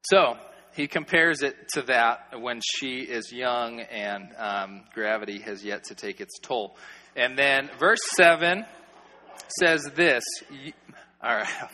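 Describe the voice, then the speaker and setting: Joking, animated preacher with a bright voice. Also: male voice, mid-range voice, slow, big-room sound. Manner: animated, joking, conversational with filler "like". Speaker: pastor or youth preacher. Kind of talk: sermon, expository Bible teaching.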